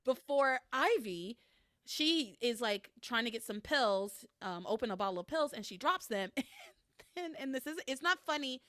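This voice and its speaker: A woman hosting a podcast, recapping episodes in a casual, animated way, laughing often and swearing freely. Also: a little high, moderate pace, no echo, studio quality. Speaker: podcast host recapping a soap opera. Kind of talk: casual chat.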